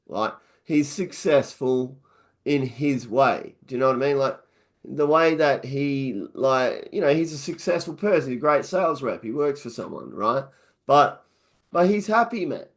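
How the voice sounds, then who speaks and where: A man's voice: medium pitch, expressive, unhurried. A man hosting a casual interview, speaking loosely and hesitantly with lots of "like" and "right". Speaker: interview host.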